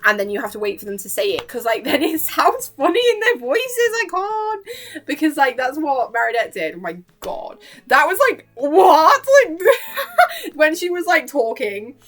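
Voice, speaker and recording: A woman's voice: sits high, big pitch swings, moderate pace, fairly bright tone. A young woman vlogging casually at home into a webcam, chatty and giggly, packing her talk with "like" as she recaps a cartoon episode. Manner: chatty and giggly, full of fillers like "like".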